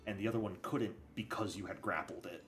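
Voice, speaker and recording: A man's voice: low-pitched, a little fast, a bit bright, faint music behind. A man running a tabletop game as game master, gleeful and teasing as he narrates the monsters' moves.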